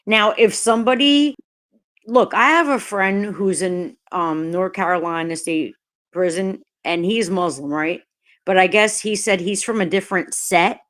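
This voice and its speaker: A woman's voice: medium pitch, a little slow, a bit bright. Heated, profane woman live-streamer. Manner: greets chat viewers by name mid-sentence. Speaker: livestreamer. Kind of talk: live-stream chat rant.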